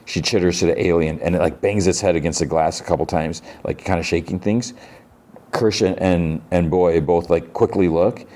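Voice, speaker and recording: Deep, mellow-voiced man recapping casually. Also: steady tone, moderate pace. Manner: chatty, retells scenes with lots of filler likes. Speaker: podcast host.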